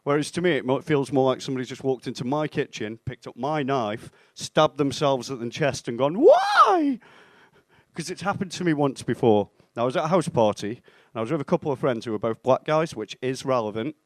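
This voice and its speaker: A young man delivers a stand-up set on a club stage, deadpan and self-mocking, slipping into bits of dialogue as he goes. His voice sits in a mid range and comes through a handheld mic that sounds dry and close. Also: medium pitch, fairly quick, few pauses, dry recording. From England (Stoke-on-Trent). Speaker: stand-up comedian.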